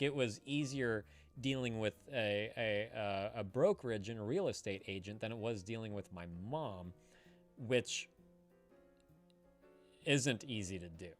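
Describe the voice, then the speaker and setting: A man hosting a live stream, chatting casually in a rambling way with halting restarts and frequent laughs. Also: on the low side, a bit bright. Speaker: streamer host.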